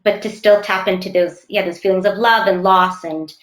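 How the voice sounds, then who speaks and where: A woman actress talking thoughtfully in an interview, often pausing to search for words. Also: mid-range voice, steady tone, echoey room. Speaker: actress guest. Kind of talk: casual interview chat.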